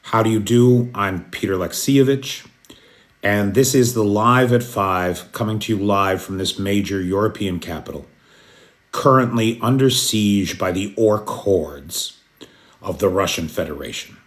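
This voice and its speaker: An American man hosting a casual live news stream at night, greeting viewers by name in an unhurried way. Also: on the low side. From United States. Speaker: news host. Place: apartment in a city at night.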